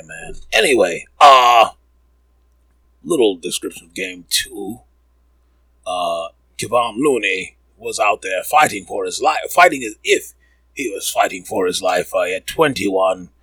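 A man's voice: on the low side, bright, forceful tone, no room sound, poor audio. A man hosting a comedic sports podcast, rambling and riffing with profanity.

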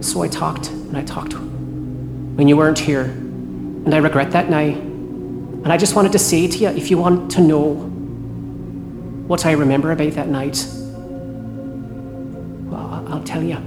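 A woman's voice: deep voice, steady tone. A woman playing a shaken night cleaner. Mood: regretful. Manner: tense, halting, swears. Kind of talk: horror audio drama. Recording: roomy with music score behind.

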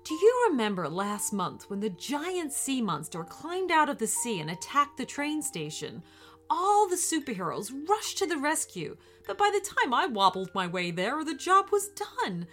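A woman's voice: sits high, big pitch swings, moderate pace, fairly bright tone, faint music behind, pitched above the performer's own voice. A woman voicing a tearful, self-doubting young woman superhero in a storybook reading, apologetic and gushing. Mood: upset.

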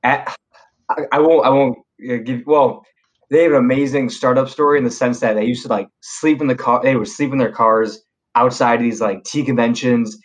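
Heard on a low-quality recording, a young man speaks in a mid-range, steady voice at normal speed. He's a guest on a podcast, spinning stories in a laid-back, slang-heavy way with frequent fillers and restarts.

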